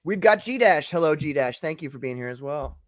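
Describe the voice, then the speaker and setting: Male stream host, animated delivery, dry mic, laughs a lot. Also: on the high side, fairly quick, no echo. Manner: laughs often, reads chat names. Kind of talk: casual livestream chat.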